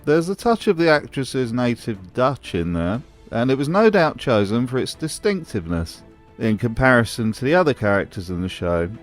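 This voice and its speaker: A man's voice: mid-range voice, big pitch swings, normal speed, soft background music. A man delivering scripted commentary as a video host, in a dry, mocking manner.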